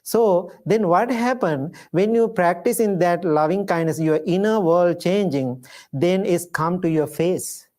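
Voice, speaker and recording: A man, a Buddhist monk, giving a dharma talk in gentle storytelling with simple, repeated phrases. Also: sits high, a little slow. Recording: live talk to an audience.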